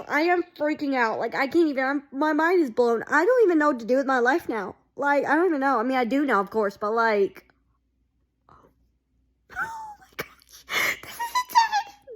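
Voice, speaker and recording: A woman vlogger reacting to a TV episode in an excitable, gushing way, full of exclamations. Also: sits high.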